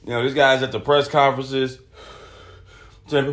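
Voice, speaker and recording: A man hosting a solo podcast, talking casually with lots of swearing and reading articles aloud in an animated way. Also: medium pitch, moderate pace. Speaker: podcast host.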